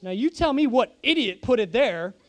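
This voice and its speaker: A man's voice: very high voice, very animated, normal speed. A young man preaching a sermon, telling a humorous, self-deprecating story to his congregation.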